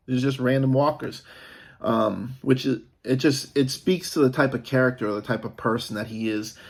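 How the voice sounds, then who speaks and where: Man, mid pitch, casual TV recap, chatty, rambling, frequent fillers. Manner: animated, rambling, many fillers and restarts. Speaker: TV episode reviewer.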